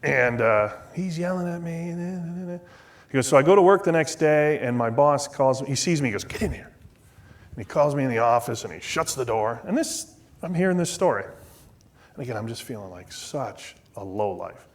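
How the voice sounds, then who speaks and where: A man's voice: mid-range voice, expressive, a little fast. A middle-aged man from the United States speaking as a guest at a shrine event, telling a rambling, self-mocking story with many asides and restarts. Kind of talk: storytelling talk. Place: shrine event before an audience.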